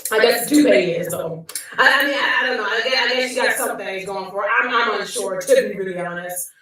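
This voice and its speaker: A woman's voice: medium pitch, brisk, bright, forceful tone, heavy reverb, recorded from a distance, rough recording. A woman vlogging in casual commentary, rambling and hesitant. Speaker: YouTuber in a played clip.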